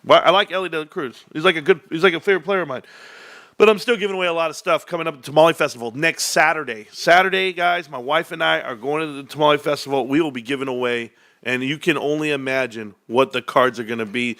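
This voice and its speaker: A middle-aged man hosting a livestream, ranting in a boastful, animated way with frequent laughs. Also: a little high, fast. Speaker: stock livestream host. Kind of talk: excited stream rant.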